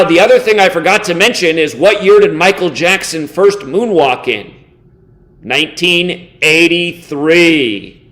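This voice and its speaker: High-voiced man in a scornful rant. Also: a bit bright. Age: 30s. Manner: contemptuous, insulting rant with heavy swearing; sarcastic, slows down to mock. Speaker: online video host. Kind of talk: angry reaction commentary.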